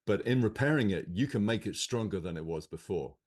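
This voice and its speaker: A man hosting a casual interview, measured and thoughtful, with hesitant fillers. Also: on the low side, lively intonation. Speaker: host.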